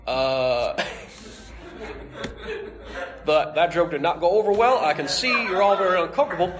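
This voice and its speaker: A man's voice: a little high, animated, normal speed, pauses often. A man hosting a live comic panel, joking at his own expense between bits and laughing often. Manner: giggly, self-deprecating, lots of filler. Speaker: panel host.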